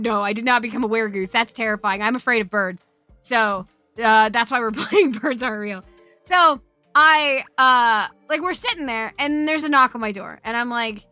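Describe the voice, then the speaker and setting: A woman's voice: a little high, pushed and bright, clean tone, no echo. A woman streamer telling a story in casual chat, talking freely, swearing often and laughing as she goes.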